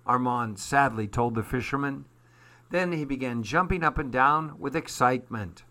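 Male storyteller reading a chapter book aloud, unhurried and bright. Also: mid-range voice, lively intonation.

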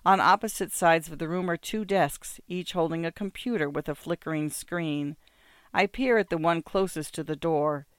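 Smooth, measured audiobook narrator. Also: mid-range voice, no room sound, studio quality. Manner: measured, descriptive, smooth delivery. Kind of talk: first-person literary audiobook reading.

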